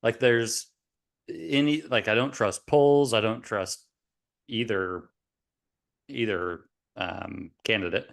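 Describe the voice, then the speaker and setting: A man with a fairly low voice, co-hosting a relaxed podcast. He rambles and hesitates, circling back on his words as he thinks out loud. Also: takes it slowly, vocal fry, long pauses. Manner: rambling, hesitant, lots of fillers and restarts. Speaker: podcast co-host. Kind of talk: casual chat.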